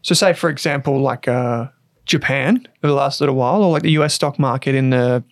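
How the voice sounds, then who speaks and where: A man's voice: medium pitch, a little fast, no echo, clean studio sound. A man co-hosting an investing podcast in casual, chatty talk with loose fillers. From Australia. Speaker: podcast co-host. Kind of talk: casual chat.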